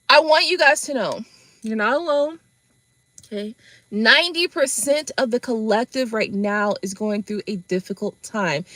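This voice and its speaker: A woman hosting a live tarot stream, chatting casually with viewers in an animated, profane way and laughing often. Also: medium pitch, dry recording.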